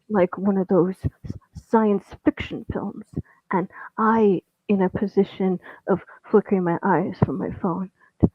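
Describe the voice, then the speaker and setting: Halting male storyteller who stammers through his own tale, slow and husky, recorded dry over thin phone-quality audio. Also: sits high, no echo. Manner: halting, stammering, with many restarts; drops into an unvoiced whisper at times. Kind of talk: first-person story reading.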